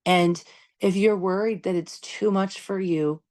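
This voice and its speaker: Candid woman with a lowish voice, emphatic. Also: fairly even intonation, a little slow, darkish tone. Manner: candid, emphatic, swears freely; conversational, lots of "you know" and "right?". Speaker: podcast host. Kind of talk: casual monologue on parenting.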